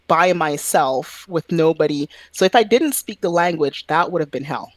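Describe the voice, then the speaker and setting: A man on a video call telling a story in a relaxed, animated way, acting out the lines of the people he quotes. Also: fairly high pitch, normal speed, no echo. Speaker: podcast guest. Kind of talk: casual storytelling chat.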